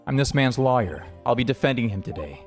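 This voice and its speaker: Stern calm defense lawyer, a man reading him from a game, firm formal talk, soft music behind. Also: mid-range voice, fast talker, natural voice.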